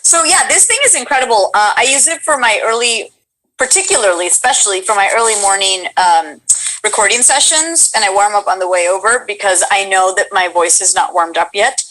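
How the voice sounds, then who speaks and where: A woman's voice: medium pitch, expressive, fairly quick, pushed and bright, rough recording. A woman who is a voice actress, chatting casually and enthusiastically as a guest. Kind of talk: casual chat.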